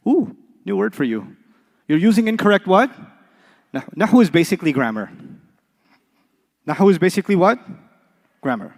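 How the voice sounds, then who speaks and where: A man's voice: high voice, very animated, moderate pace, vocal fry, pauses often, a little mellow, big-room sound. A man teaching an Arabic class, quizzing the students with call-and-response questions and playful examples. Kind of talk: classroom lecture.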